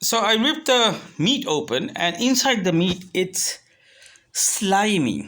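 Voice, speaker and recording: Man, vlogger, animated casual rant at home, high voice. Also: measured pace. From Bangladesh. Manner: animated storytelling, mixing English and Bengali. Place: home, indoors.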